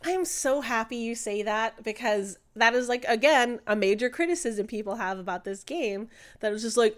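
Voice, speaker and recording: A podcast co-host with a slightly high, expressive voice chats casually about a video game at a moderate pace. She's chatty and opinionated, using lots of fillers.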